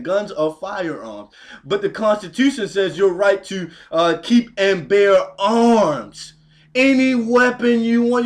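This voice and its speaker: This is a man with a high voice who talks at a slow, deliberate pace. He rants to his camera like a home video vlogger, repeating each point with heated, preachy insistence. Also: fairly bright tone. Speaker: YouTube vlogger. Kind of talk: emphatic home video rant.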